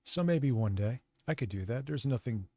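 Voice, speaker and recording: A man's voice: medium pitch, lively intonation, normal speed, warm tone, breathy edge, no room sound, clean studio sound. A man hosting a live stream, commenting on a clip in a sarcastic, crude, casual way. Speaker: streamer host.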